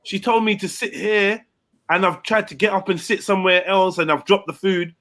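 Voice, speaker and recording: A middle-aged man spins a story for friends on a live panel stream. His voice sits a bit high and sounds bright and forceful. He throws himself into the quotes, jumping up and down in pitch. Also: moderate pace. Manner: animated storyteller, acts out quotes with big pitch jumps. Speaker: host. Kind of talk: casual chat, storytelling.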